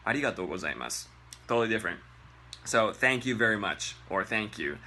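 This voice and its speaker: Man from Japan, comic language-teacher host, swears freely, very bouncy pitch. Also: a little fast. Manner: animated, profane, mocks bad pronunciation in exaggerated voices. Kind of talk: comedic online language lesson.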